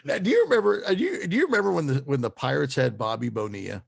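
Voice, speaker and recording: Man, gravelly, lively pitch, upbeat sports chat. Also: very fast. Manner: upbeat, laughs easily. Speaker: podcast co-host.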